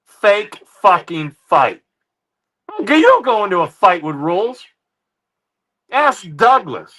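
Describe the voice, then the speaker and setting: A man hosting a livestream, ranting heatedly at his chat with constant swearing and repeated "ladies and gentlemen.". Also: sits high, very animated, takes it slowly. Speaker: livestream host reacting to chat. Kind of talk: profane livestream rant.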